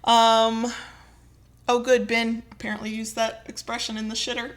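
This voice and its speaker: A woman's voice: fairly high pitch, completely flat delivery, moderate pace. A woman, co-hosting a podcast in casual, candid chat and swearing freely. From rural southern United States. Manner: chatty and candid, swearing and laughing easily. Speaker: podcast co-host.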